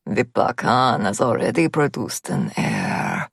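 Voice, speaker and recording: A woman voicing a cold, cruel male gunman with a deep voice and a heavy Russian accent, speaking slowly and leeringly. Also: huge pitch swings, gravelly, slightly rough, no room sound, clean studio sound, exaggerated voice. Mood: menacing.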